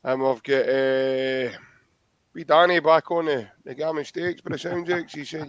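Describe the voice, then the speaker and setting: A man's voice: a little high, steady tone, unhurried, dry recording. A man with a Scottish accent, hosting a casual football podcast in a chatty, friendly way and laughing easily. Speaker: podcast host. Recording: dull lo-fi dry audio.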